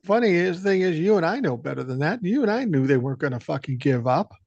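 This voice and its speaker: A man's voice: a little high, big pitch swings, fast talker, vocal fry, darkish tone, no room sound, dull audio. An older man hosting a podcast, talking bluntly and profanely, pressing harder on his key points. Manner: blunt and profane, rising with emphasis. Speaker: podcast host. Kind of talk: casual political chat.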